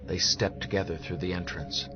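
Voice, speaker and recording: A man reading fantasy narration in a measured, steady way. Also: low voice. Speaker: audiobook narrator. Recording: dull lo-fi audio with music behind.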